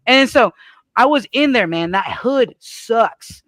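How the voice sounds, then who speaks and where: A man telling a story in casual chat, animated and full of fillers and repeats. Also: sits high, fairly quick, no room sound. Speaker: paintball podcast panelist.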